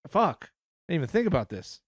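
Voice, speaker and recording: A man with a high voice co-hosts a casual podcast. His pitch swings widely as he jokes around. He swears freely and laughs often. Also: big pitch swings, quick pace, slightly rough. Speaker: podcast co-host. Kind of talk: casual chat.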